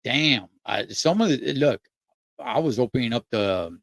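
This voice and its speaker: A man's voice: mid-range voice, lively intonation, measured pace, fairly bright tone, no echo. Laid-back trucker man. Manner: laid-back and slangy, with lots of fillers. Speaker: trucker vlogger. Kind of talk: casual monologue.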